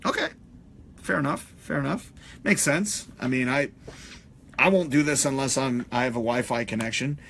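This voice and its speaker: A man's voice: mid-range voice, moderate pace, vocal fry, a bit bright, slightly rough. A man hosting a casual live stream, rambling and swearing, with lots of fillers as he reads out viewer comments. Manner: rambling, profane, many fillers. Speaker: podcast host.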